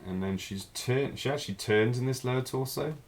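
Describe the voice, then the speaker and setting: A man teaching a live figure drawing class, talking through each stroke as he draws, in a relaxed, thinking-aloud way. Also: medium pitch, fairly quick.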